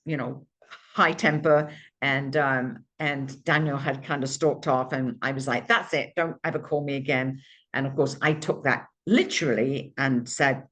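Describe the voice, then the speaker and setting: A woman's voice: sits low, a bit bright. A woman hosting her own podcast, telling a candid, emotional personal story with frequent restarts and asides. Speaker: podcast host.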